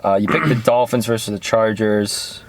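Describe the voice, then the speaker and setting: Relaxed man talking football picks. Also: on the low side, normal speed. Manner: relaxed, reads out matchups and makes picks. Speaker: podcast co-host. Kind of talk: casual sports chat.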